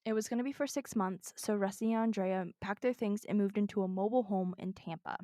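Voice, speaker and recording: A woman's voice: medium pitch, fast talker, mellow, dry recording, studio quality. A woman co-hosting a podcast, earnestly telling a true crime story in casual chat from her notes.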